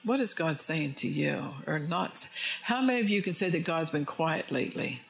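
A man's voice: a little high, expressive, normal speed, vocal fry, a bit bright, rough recording. A man preaching a conversational sermon as pastor, joking and asking his congregation questions. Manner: chatty, jokes and asks the congregation questions. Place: church before a congregation.

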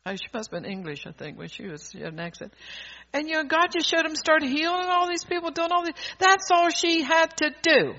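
Fervent high-voiced male preacher. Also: expressive, brisk. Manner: fervent, swings from soft asides to loud exhortation; rambling, with restarts and laughter. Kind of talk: sermon. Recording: dull lo-fi recording.

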